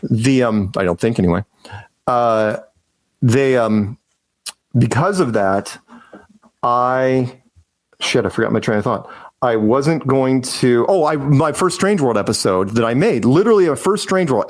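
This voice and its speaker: A man's voice: mid-range voice, lively intonation, unhurried, dry recording. Guy rambling through a story on a podcast, lots of restarts, dry sound. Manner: rambling, with many restarts and acted-out quotes. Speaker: podcast guest. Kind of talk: casual storytelling in an interview.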